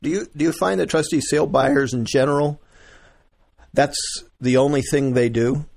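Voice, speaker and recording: A man hosting a casual chat about property auctions, relaxed and often chuckling as he tells stories. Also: medium pitch, moderate pace, gravelly, no room sound. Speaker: real estate investor, host.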